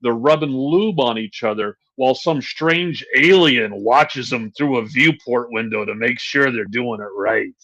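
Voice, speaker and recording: Animated man ranting on a podcast. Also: medium pitch, measured pace, hardly any pauses. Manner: animated, exasperated ranting with laughs. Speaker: podcast co-host. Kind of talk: casual chat. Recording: dull lo-fi sound.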